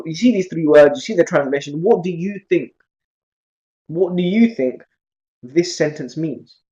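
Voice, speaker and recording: A man teaching an Arabic grammar class, lecturing in a lively way and often checking in with his students. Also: on the high side, highs cut off. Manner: lively, asks many questions.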